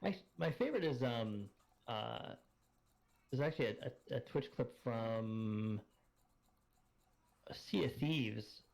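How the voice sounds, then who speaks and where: A man's voice: medium pitch, lively intonation, slow, gravelly, long pauses, a little mellow. A man in casual voice-chat talk, his voice run through an auto-tune changer, rambling with lots of fillers as he looks things up. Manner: rambling, searches aloud, many fillers.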